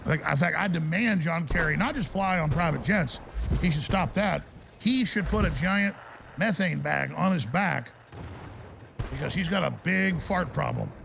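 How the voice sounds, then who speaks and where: Male talk radio host, gravelly and high-pitched, bombastic ranting delivery, music under the voice. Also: animated, normal speed, background noise.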